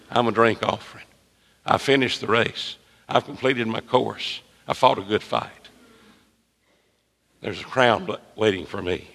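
Emphatic preacher in a reverberant sanctuary. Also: male voice, vocal fry, fairly bright tone. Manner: emphatic preaching with wide swings in pitch and volume. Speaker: pastor. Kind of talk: sermon. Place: church sanctuary. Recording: long reverb of a church sanctuary.

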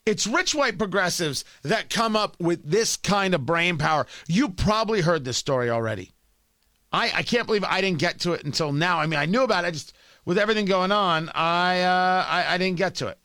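A man's voice: high voice, animated, fairly quick, bright, forceful tone, dry recording. Combative sarcastic male political host. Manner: sarcastic, combative, emphatic repetition. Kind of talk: opinionated political monologue.

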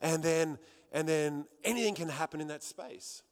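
Earnest Australian preacher, high voice. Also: male voice, normal speed. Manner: earnest, conversational, repeats phrases for emphasis. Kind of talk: sermon with personal testimony. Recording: long hall reverb.

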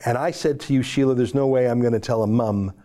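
Brief: male host, dark mellow tone, fervent and pleading, drops to a hush at times. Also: mid-range voice, fairly even intonation, fast. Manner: emotional, pleading, swings from loud to hushed. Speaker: show host. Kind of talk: impassioned commentary.

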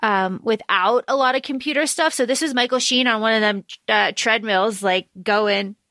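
A young woman co-hosts a film podcast, her voice high and bright. She recaps scenes casually and acts out the characters' lines with a swear here and there. The sound is dry and close. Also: normal speed, dry recording. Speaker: podcast co-host.

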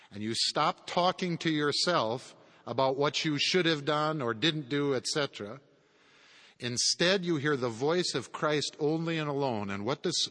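A man's voice: a little high, bright, forceful tone. Man, theology lecturer, conversational, wry asides, long hall reverb.

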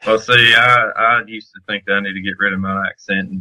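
A man's voice: on the low side, steady tone, brisk, pushed and bright, poor audio. A man from Alabama with a Southern accent, teasing and joking in a casual podcast chat. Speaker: podcast panelist.

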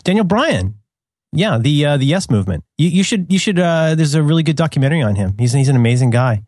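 A man's voice: on the high side, sing-song, fast talker, a little mellow, no echo, clean studio sound. A middle-aged man chatting casually as a podcast co-host, rambling with many restarts and laughing at his own jokes. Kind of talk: casual chat.

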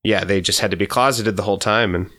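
A man's voice: fairly low pitch, fast talker, pushed and bright, no room sound. A man co-hosting a podcast in casual chat, hesitant with many fillers and giggles. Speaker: podcast co-host. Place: home vineyard, indoors.

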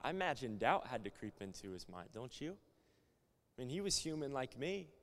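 A man preaching at a conference, animated, swinging from loud to hushed. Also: mid-range voice, normal speed. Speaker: conference speaker. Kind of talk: sermon. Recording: long hall reverb.

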